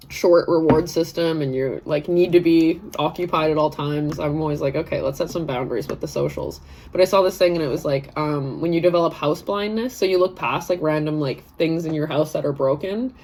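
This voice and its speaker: Chatty low-voiced woman in her thirties. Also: a little mellow, slight background noise. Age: 30s. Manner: chatty, rambling, laughs often, reads comments aloud. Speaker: live session host. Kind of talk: casual live-stream chat.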